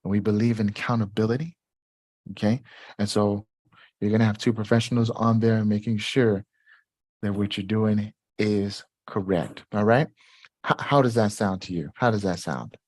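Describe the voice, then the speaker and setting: Man, live Q&A host, animated, repetitive, high jumps in pitch, dry sound. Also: normal speed, no echo. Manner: animated, repetitive, swoops up high when excited. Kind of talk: live-stream Q&A talk.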